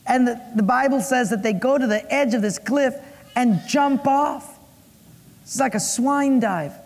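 Male pastor, high voice, echoing hall. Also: unhurried. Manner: playful, acts out voices, puns for laughs. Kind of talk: sermon. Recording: long echo of a large hall.

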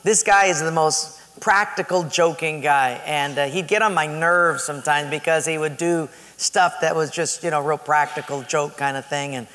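Guy preaching, telling a funny story, kinda high voice, big echoey hall. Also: normal speed, hardly any pauses. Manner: animated storytelling with laughter. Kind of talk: sermon storytelling.

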